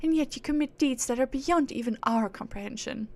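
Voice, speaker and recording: A proud, otherworldly female spirit from a fantasy game, talking down to mere mortals in a put-on British accent, played by a woman reading her lines. Her manner is lofty and theatrical. The tone sits a little high with a gravelly fry underneath. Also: a little fast, darkish tone. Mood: haughty. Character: haughty divine female spirit, aloof and grandiose.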